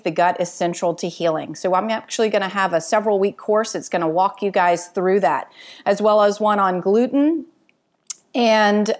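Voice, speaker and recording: A woman doctor in her thirties hosting her own podcast, answering listener questions in a chatty, friendly way with many fillers. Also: mid-range voice.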